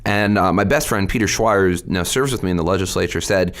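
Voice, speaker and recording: A man's voice: fairly low pitch, fast, hardly any pauses, fairly bright tone. A middle-aged man, a state representative, telling his story candidly in a podcast interview.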